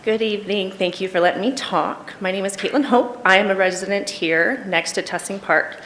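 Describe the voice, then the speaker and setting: A woman speaking into a podium microphone in a council chamber, earnest and a little nervous. Her voice of middling pitch carries a clear emotional strain. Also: normal speed, a bit bright, slight background noise. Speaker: public commenter. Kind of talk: public comment at council meeting.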